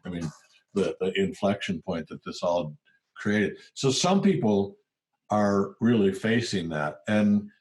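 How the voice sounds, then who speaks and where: Older guy with a lowish voice, chatty interview, keeps acting out what people said. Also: unhurried. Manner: animated storyteller who acts out quoted voices. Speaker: guest, former tech CEO. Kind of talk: casual interview talk.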